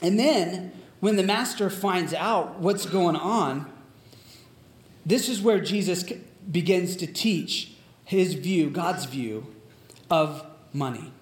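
A man's voice: sits high, slow pace. A man preaching a sermon in a casual, conversational way, retelling a story with plenty of fillers. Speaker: pastor. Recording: echoey room.

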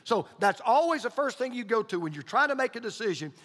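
A man's voice: very high-pitched, sing-song, fast talker, fairly bright tone. A male pastor preaching a sermon, emphatic and repeating his key points. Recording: long hall reverb.

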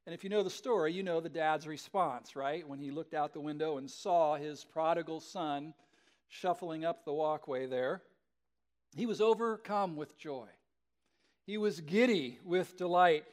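A male pastor telling a story in a sermon, conversational and animated, often checking in with the listeners. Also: a little high, measured pace.

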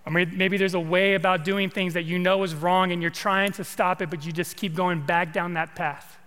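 A man from California preaches with a high, ringing voice, talking to the congregation in a loose, conversational way and often repeating his words. His sermon carries a long reverb from the hall. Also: fairly even intonation, moderate pace, a bit bright. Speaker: pastor.

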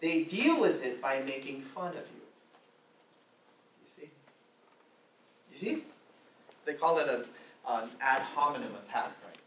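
A man's voice: fairly high pitch, animated, unhurried, long pauses, fairly bright tone, slight background noise. A man preaching a sermon, pressing his point with repeated rhetorical questions. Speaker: pastor. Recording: roomy echo, mic at a distance, faint ambience.

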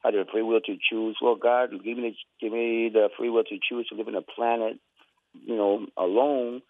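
A man calling in to a radio show with a halting way of talking and many repeated words. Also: mid-range voice, little pitch movement, no room sound. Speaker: caller. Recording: tinny phone line.

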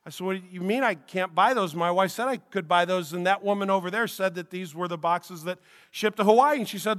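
A man's voice: high-pitched, moderate pace, pushed and bright. A middle-aged man, a pastor, preaching a sermon and telling a personal story in a conversational way with frequent restarts, in a church sanctuary. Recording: long reverb of a church hall.

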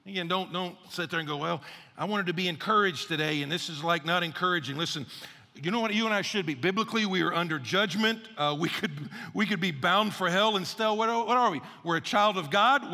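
High, gravelly pastor in an echoing church. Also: male voice. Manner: energetic, repeats phrases for emphasis, acts out quotes. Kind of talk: casual conversational sermon. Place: church sanctuary. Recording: long reverb of a large church hall.

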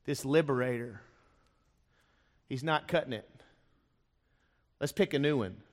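A man of medium pitch preaches at a measured pace as pastor in a church sanctuary. He brings the story to life dramatically, acting out the voices of those in it. The recording holds a long church-hall reverb.

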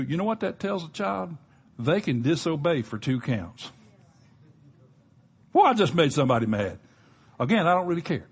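A middle-aged male pastor delivers a sermon in a blunt, emphatic way, often restarting his sentences. His voice is husky and sits at an average pitch. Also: sing-song, moderate pace, long pauses. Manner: plain-spoken, emphatic, frequent restarts.

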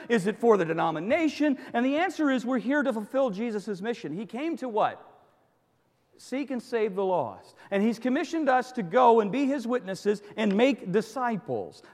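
Emphatic preaching man, high lively voice. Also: long reverb tail. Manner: emphatic preaching with repeated phrases and rhetorical questions. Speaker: pastor. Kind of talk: sermon.

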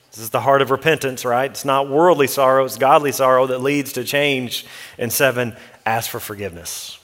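A pastor preaching a sermon, emphatic, lifting his voice to urge the listeners and dropping it low to read scripture. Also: fairly bright tone. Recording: long reverb of a large hall.

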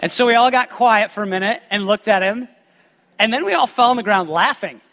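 Man, pastor, sermon, high voice, bright tone, joking asides, long hall reverb. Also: fairly quick. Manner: lively, joking asides to the congregation. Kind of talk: sermon with personal storytelling.

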